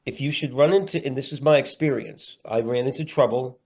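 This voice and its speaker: This middle-aged man, a comedian and actor, talks briskly on a podcast over video call in a medium-pitched, slightly mellow voice. It's a candid interview, and he rambles earnestly while dropping playful asides.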